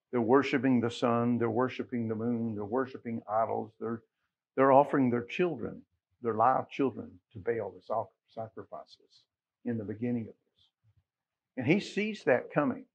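Man, Texan accent, pastor, folksy sermon, husky, dull lo-fi livestream. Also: medium pitch. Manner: folksy, joking asides to the congregation.

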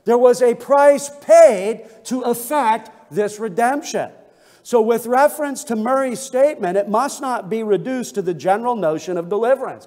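A male pastor delivers an earnest expository sermon, pressing his points home with emphatic restatements. His voice sits high for a man. The sound rings with the long reverb of a church sanctuary. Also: a little mellow. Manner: earnest preaching with emphatic restatements and scripture readings.

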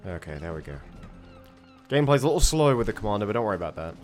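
A man's voice: fairly low pitch, sing-song, racing, faint music behind. A man giving rambling, sweary let's-play commentary. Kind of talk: gaming commentary.

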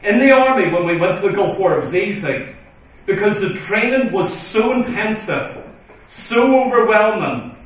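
Fervent middle-aged preacher in an echoing hall. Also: male voice, high-pitched, animated, moderate pace. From Ireland. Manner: emphatic, intense preaching with rising urgent calls. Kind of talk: conference sermon. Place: large church hall. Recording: echoey hall recording from far off.

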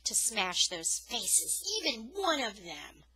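A woman reads a novel aloud with an expressive storyteller's delivery. Her voice is bright and forward, with a mid-range pitch. The sound is close and dry. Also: slow pace, husky, no room sound, low-quality recording. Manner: expressive storytelling, rising on dramatic words. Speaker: audiobook reader.

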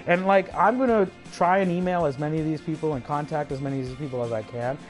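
He talks fast in a fairly high pitch, with soft music in the background. It's a profane livestream rant: aggressive, full of taunts and constant swearing, with mumbled asides and bursts of chuckling.

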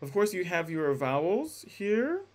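Young male music teacher, slightly high voice, casual lecture with self-corrections and sung vowel demos. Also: very animated, unhurried. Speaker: music instructor. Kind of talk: classroom lecture.

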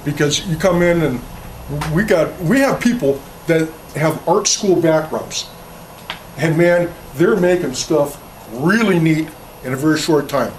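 A man's voice: fairly high pitch, slight background noise. A man giving a casual, folksy workshop talk on carving to an audience, rambling a little and telling jokes. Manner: folksy, rambling, tells jokes, restarts words. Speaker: chainsaw carving instructor. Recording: distant mic, faint room ambience.

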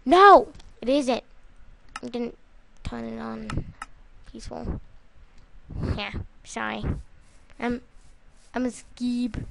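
A woman giving casual, rambling gameplay commentary, excitable and prone to loud outbursts, with music behind her. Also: fairly high pitch, slow, creaky, pauses often, a little hiss or hum. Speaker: gaming YouTuber.

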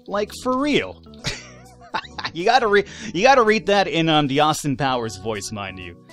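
A man giving casual, animated let's-play commentary, swearing, laughing and talking back to the game's characters. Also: mid-range voice, fairly quick, faint music behind. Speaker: gaming YouTuber.

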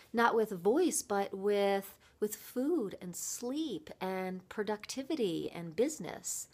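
A woman voice coach giving a motivational vlog talk, earnest and reflective, with thoughtful pauses. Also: mid-range voice.

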